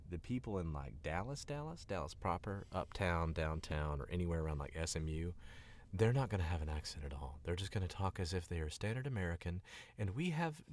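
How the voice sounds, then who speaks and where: A man with an extremely low voice talks in a loose, rambling way, worn out and sick. He sits right up on the mic. The sound is dry and close, with no room around it. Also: no echo. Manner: rambling, laid-back, swears casually. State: tired and sick. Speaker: voice actor streaming. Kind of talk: casual stream chat.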